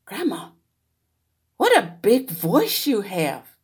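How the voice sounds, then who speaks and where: A woman voicing an innocent little girl in a storybook reading, bright and childlike. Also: fairly high pitch, very animated, slow, voice pushed up.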